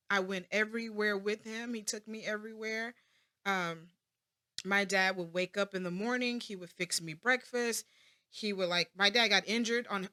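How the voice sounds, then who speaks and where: A woman in her thirties, an interview guest, talking reflectively about her family with many pauses and restarts. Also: on the low side, pushed and bright. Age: 30s. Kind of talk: personal interview.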